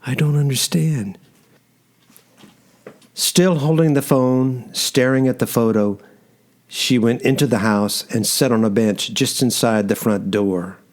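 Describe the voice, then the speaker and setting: Male narrator, mid pitch, measured first-person audiobook read. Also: darkish tone.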